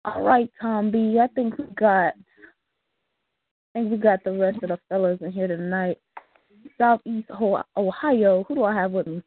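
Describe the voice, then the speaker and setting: A woman's voice: mid-range voice, steady tone, measured pace, dry recording. Woman hosting a call-in show, tinny. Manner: upbeat, laughs often, loose slang. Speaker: radio show host. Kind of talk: casual live call-in hosting. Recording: tinny phone-like call audio.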